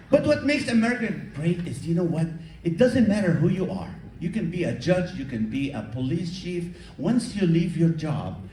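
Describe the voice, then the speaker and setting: A man's voice: a little high, slight background noise. A man performing a stand-up comedy set, acting out characters and chatting with the crowd. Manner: animated, acts out characters and crowd work. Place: comedy show venue with audience. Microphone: far camera recording from audience. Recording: echoey hall from far off.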